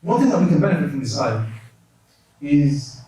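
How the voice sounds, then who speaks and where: A man teaching a lesson in a mosque classroom, explaining terms in a quick, conversational way with many restarts. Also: on the high side, big pitch swings, dark tone. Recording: echoey room from a distance.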